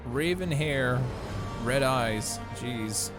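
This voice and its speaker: A chatty male streamer reacting to a video game live, his pitch lively as he comments. Game music plays clearly behind him. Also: normal speed.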